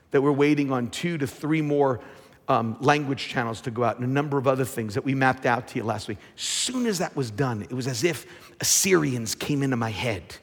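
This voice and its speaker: A man preaching a fervent sermon as pastor, often restarting and repeating his words as he builds his point. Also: medium pitch. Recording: long hall reverb.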